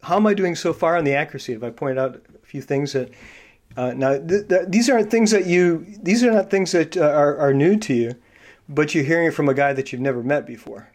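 In a casual interview, this male podcast host coaches listeners on personality traits, stumbling through plenty of fillers and false starts. He has a somewhat high, slightly mellow voice.

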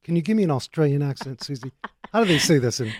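A man hosting a car talk radio show, joking in an energetic, talkative way. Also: on the high side, quick pace, dry recording, clean studio sound. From Arizona.

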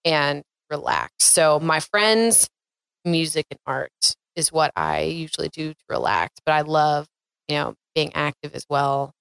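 A young woman chats as a guest, upbeat and friendly, often answering with soft "mm-hmm"s. Her voice is a little low, smooth and clear. It is recorded close in a dry room. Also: lively intonation, unhurried, dry recording. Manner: upbeat, frequent "mm-hmm" backchannels. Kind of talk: casual conversation.

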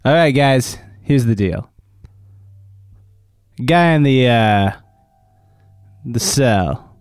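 A man's voice: medium pitch, expressive, drawn-out words, a little mellow, clear, resonant tone, no echo, clean studio sound, faint music behind. A man playing his character in a tabletop game, blunt and joking. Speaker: player.

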